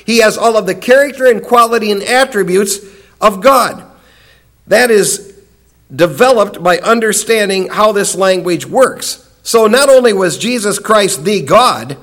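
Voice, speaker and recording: A man teaching a Bible class, explaining emphatically and slowing down to stress single words. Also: high voice, fairly bright tone.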